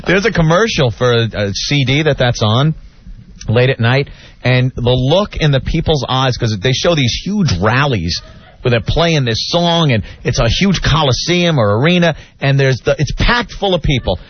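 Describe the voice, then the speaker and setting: A man co-hosting a radio talk show, sarcastic and mock-righteous, deliberately provoking in casual banter. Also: medium pitch, animated, slightly rough. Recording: dull lo-fi radio audio with faint music.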